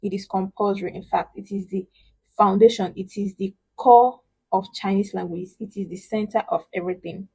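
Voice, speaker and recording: A woman's voice: mid-range voice, steady tone, slightly rough, poor audio. A woman teaching a spoken Chinese lesson in English, patiently explaining and modeling sounds with emphasis. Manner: patient, emphatic, models syllables slowly and loudly. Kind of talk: online language lesson.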